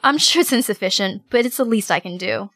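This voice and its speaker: A woman voicing a gracious young female crime-fighter in an amateur audio drama, speaking politely and with gentle teasing. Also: mid-range voice, lively intonation, brisk, no echo, clean studio sound.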